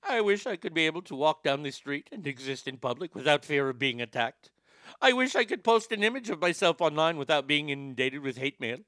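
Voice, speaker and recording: A man's voice: a little high, expressive, sharp tone, no room sound. A man doing an earnest plea in a put-on Indian accent. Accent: put-on Indian accent slipping toward Irish. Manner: earnest, solemn, measured. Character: earnest person reading a plea for acceptance.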